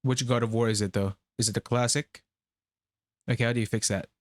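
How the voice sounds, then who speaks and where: A man's voice: mid-range voice, steady tone, a little fast, no echo. A man live-streaming in casual, rambling chat, swearing freely. He feels unwell and his nose is stuffy and running. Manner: profane, rambling.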